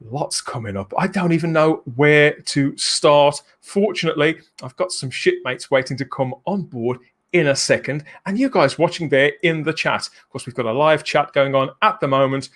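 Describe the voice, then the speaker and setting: Lively, jokey man hosting. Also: on the high side, moderate pace. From England. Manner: jokey, excitable, laughs often. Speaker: livestream host. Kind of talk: casual live show chat.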